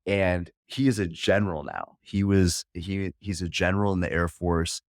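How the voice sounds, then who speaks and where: Man, forties, very low voice, earnest, candid, podcast guest, dry sound. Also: normal speed, no room sound. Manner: earnest and candid, with frequent restarts. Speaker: podcast guest, wealth management coach. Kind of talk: candid personal storytelling.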